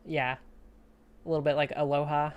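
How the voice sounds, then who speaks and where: A woman's voice: low-pitched, level tone, normal speed, clear, resonant tone, dull audio. Woman from austria practicing new words, repeats them back kinda unsure, curious. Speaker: language learner. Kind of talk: casual language lesson.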